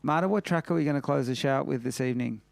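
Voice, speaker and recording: A man's voice: medium pitch, racing, creaky, dry recording. An Australian man hosting a casual chat show, chatty and exuberant with plenty of slang. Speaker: podcast host.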